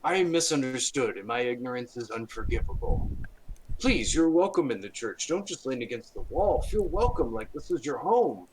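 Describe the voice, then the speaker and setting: A man's voice: medium pitch, sing-song, normal speed, a little mellow, slight background noise, lightly acted, poor audio. A man voicing a fussy, eager-to-please male priest who stammers apologetically. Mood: flustered.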